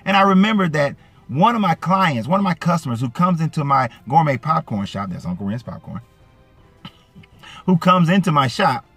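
A man's voice: normal speed, slightly rough, no room sound. A man from Atlanta with a light Southern accent, giving casual, emphatic commentary to his viewers. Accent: light Southern US (Georgia). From Atlanta, Georgia. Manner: animated, emphatic, swings from low asides to raised indignant peaks. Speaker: YouTube commentator. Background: faint background music.

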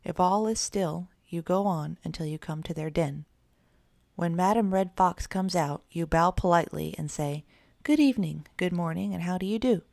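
A woman's voice: lowish voice, moderate pace, creaky, darkish tone, no room sound, studio quality. A woman voicing an old, lame mother cat who talks in sing-song rhymes. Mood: scolding. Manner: sing-song rhyming storyteller. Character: old gray female cat, lame and rhyming.

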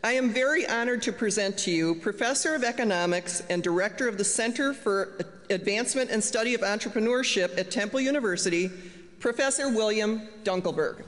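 A woman's voice: mid-range voice, brisk, a little hiss or hum. A woman hosting a lecture event, formally reading a prepared introduction of the speaker, heard with long lecture-hall reverb.

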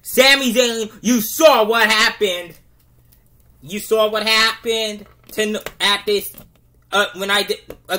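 A narrator voicing a boastful male wrestler, loudly calling out a rival. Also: mid-range voice. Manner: cocky, loud trash talk.

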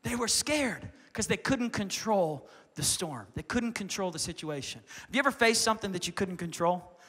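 Animated young male pastor preaching. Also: high-pitched, moderate pace, in a large hall. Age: young adult. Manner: animated, swings to loud shouts for emphasis. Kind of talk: sermon.

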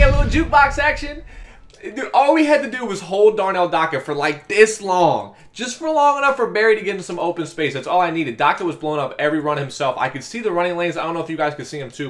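A man giving live commentary over his own football video game, talking strategy to viewers and yelling at big plays. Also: a little high, animated, fast talker, hardly any pauses. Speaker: gaming YouTuber.

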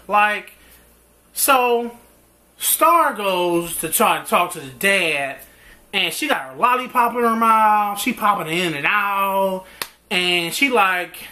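Male reviewer, lively casual recap, bright voice, acts out the characters' lines. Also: high-pitched, slow. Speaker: TV show reviewer.

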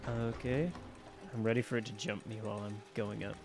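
A man giving casual gameplay commentary into his desk mic, chatty and quick to exclaim, talking back to the enemies on screen. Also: fairly low pitch, little pitch movement, over music. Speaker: let's play gamer. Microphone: personal desk mic.

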